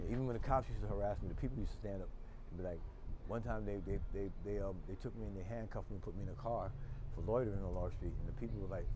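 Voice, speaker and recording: An older man chatting loudly and rambling through jokes and stories outdoors on a city street. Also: on the low side. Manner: loud, joking, rambling storyteller. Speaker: local street personality. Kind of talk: casual chat while walking the street. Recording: outdoor street noise, traffic.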